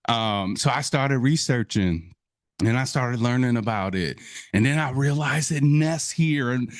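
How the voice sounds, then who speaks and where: A man speaking to an audience in an animated storytelling style, often jumping up in pitch as he acts out his own amazement. He talks in a middle register, and the sound is dry and close with no room echo. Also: a little slow. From Wisconsin, USA. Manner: addresses audience as folks and y'all. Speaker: guest speaker. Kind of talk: inspirational talk to an audience.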